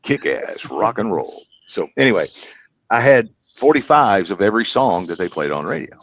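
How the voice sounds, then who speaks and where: A chatty, rambling Kentucky man in his fifties, a comedian and hypnotist, tells stories as a guest in a casual podcast interview. His lowish voice has a sing-song lilt and a moderate pace, with slight background noise.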